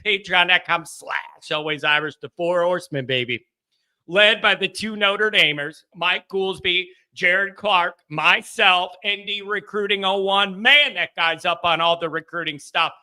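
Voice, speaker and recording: High, bright-voiced talk-show guy. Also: clear, resonant tone. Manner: rambling, self-deprecating, quick laughs. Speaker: call-in show host. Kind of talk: casual sports talk monologue.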